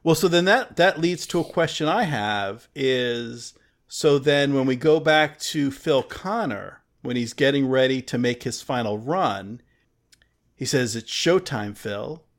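A man co-hosting a casual film discussion, musing out loud with hesitant restarts. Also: medium pitch, expressive, a little slow. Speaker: podcast co-host.

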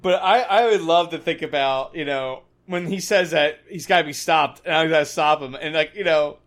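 A man co-hosting a podcast in casual chat, chatty and quick to laugh. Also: on the high side, a bit bright. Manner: chatty, laughs easily, acts out quotes. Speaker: podcast co-host.

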